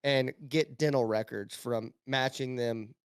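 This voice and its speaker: A man's voice: mid-range voice, a little slow, smooth. A man telling stories as a guest on a casual podcast, with many restarts. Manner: storytelling, animated, many restarts.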